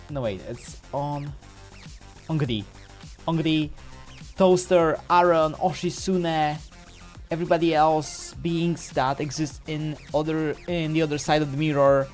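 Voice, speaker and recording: A man's voice: fairly high pitch, steady tone, slow pace, pauses often, a little mellow. Playful rambling male streamer. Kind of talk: casual live-stream chat. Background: faint music.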